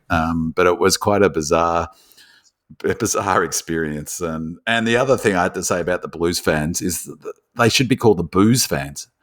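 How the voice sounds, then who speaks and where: A man with an Australian accent co-hosting a casual sports podcast, rambling with many restarts and growing animated as he tells stories. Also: low voice. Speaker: podcast co-host. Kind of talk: casual chat.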